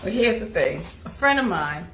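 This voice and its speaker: Woman host, emotional and candid, wavering soft to loud, roomy sound. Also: medium pitch, big pitch swings, moderate pace, a little hiss or hum. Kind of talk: candid personal talk on grief.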